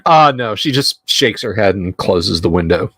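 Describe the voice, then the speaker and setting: A man running a tabletop horror game on a livestream, narrating in a slow, halting way with many fillers. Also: fairly low pitch, expressive, fairly bright tone, husky, no room sound. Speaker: game master.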